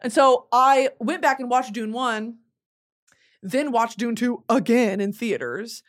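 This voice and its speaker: A woman's voice: a little high, slow pace. Rambling young woman podcast host. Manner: rambling, tangent-prone, swears freely. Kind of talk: casual podcast chat.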